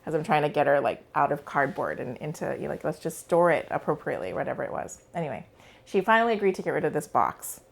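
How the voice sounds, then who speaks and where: A woman's voice: low-pitched, lively intonation, fast, creaky. A woman in her forties, a psychologist guest, telling a personal story in a casual interview with many fillers.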